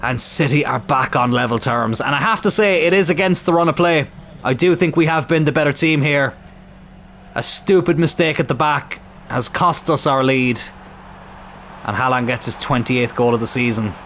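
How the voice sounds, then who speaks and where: A young man with a sore throat commentating on his football video game, calm between plays and shouting and swearing at goals. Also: medium pitch, moderate pace, a little hiss or hum. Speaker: gaming YouTuber.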